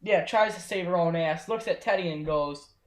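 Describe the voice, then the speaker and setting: A young man with a fairly high voice hosts casually and keeps the rundown moving in a laid-back way. He sounds like he is in an echoey room. The feel is loose and unpolished. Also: moderate pace, a loud crowd. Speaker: podcast host. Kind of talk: casual chat recapping wrestling.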